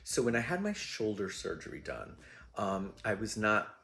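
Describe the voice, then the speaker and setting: A man's voice: fairly low pitch, wildly swooping pitch, moderate pace, vocal fry, pushed and bright. A man hosting his own show, telling rambling, self-deprecating stories in a chatty way with lots of fillers. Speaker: host. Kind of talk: casual storytelling monologue.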